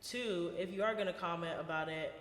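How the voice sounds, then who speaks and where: A young woman co-hosting a casual podcast chat, animated and laughing as she tells stories. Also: on the low side, brisk. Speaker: podcast co-host. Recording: echoey room with long reverb.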